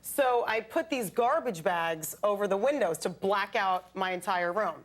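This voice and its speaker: A young woman telling stories as a guest on a late night talk show, in a chatty, animated way. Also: mid-range voice, a little slow. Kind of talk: casual chat. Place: television studio with audience. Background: studio audience.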